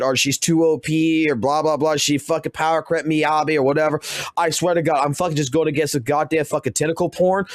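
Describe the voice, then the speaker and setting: A young man streaming, ranting crudely with constant cursing and animated outbursts. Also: a little high, dry recording, studio quality. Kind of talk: profane ranting commentary.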